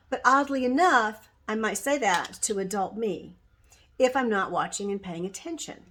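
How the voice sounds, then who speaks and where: A woman in her sixties giving gentle, encouraging self-help advice outdoors on a bright day, often repeating herself and restarting phrases. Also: mid-range voice. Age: 60s. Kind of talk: casual instructional talk to camera.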